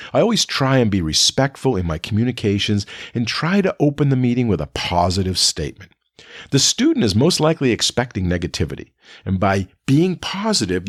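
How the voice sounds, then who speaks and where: A man speaking as an educator, giving a spoken lecture to teachers and raising his pitch when he acts out what he says to students. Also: no room sound, clean studio sound. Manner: animated, pitch jumps when quoting students.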